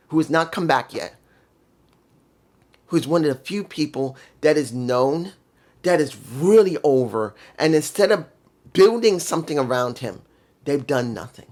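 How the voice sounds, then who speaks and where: A wrestling show reviewer in a casual review vlog, ranting with real heat and cursing freely. The delivery stays worked up and blunt, pushing point after point. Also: mid-range voice. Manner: heated, profane ranting.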